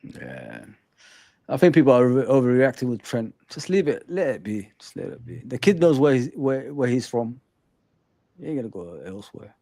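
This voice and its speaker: A man who is a guest in a casual football fan chat. He is animated, repeats himself and often addresses the host by name. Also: mid-range voice, moderate pace, vocal fry, no room sound.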